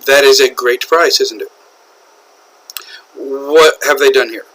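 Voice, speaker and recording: American man, english teacher, slow lecture pace, bright voice, repeats phrases. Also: mid-range voice, poor audio. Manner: slow, repetitive explaining with frequent "okay?" checks. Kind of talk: classroom lecture on English usage.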